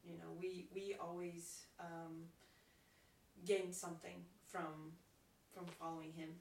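Hesitant woman, flat voice, echoey room. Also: on the low side, slow, vocal fry. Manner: hesitant, many "um"s. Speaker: Bible study participant. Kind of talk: casual group discussion. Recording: distant mic in an echoey room with faint noise.

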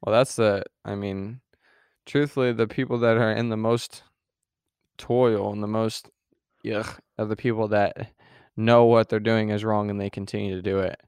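A man's voice: lowish voice, little pitch movement, moderate pace, a little mellow, clear, resonant tone, no room sound, studio quality. A man co-hosting a podcast who talks in a rambling, casual way, restarting sentences and acting out little quoted scenes. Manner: rambling with many restarts, fillers and acted-out quotes. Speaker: podcast co-host. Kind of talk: casual faith discussion.

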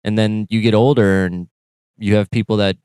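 A man's voice: on the low side, fairly even intonation, normal speed, a little mellow, clear, resonant tone, no echo. A man co-hosting a podcast in a laid-back, profane, casual chat. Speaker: podcast co-host.

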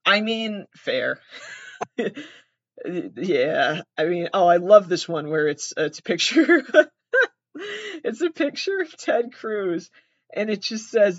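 Recorded on nothing but a device's built-in mic, this young comedian vlogger chats in a loose, rambling way, cursing freely and giggling a lot. Their medium-pitched voice has lively intonation and a slightly slow pace. The audio is dry, dull, and lo-fi, with no room sound.

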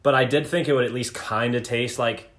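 A man's voice: medium pitch, fairly even intonation, fairly quick, fairly bright tone. A young man co-hosting a casual podcast, laid-back and given to repeating words as he talks. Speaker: podcast co-host. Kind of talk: casual chat.

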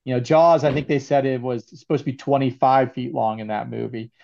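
A man co-hosting a casual movie review podcast, telling scenes in an animated way and laughing often. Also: mid-range voice, fairly quick, gravelly, lo-fi sound. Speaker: podcast co-host.

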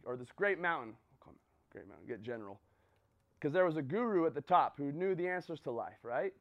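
A man's voice: fairly high pitch, highs cut off. A man giving a motivational talk to a group, telling a story and checking in with "right?" and "okay?". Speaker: motivational speaker.

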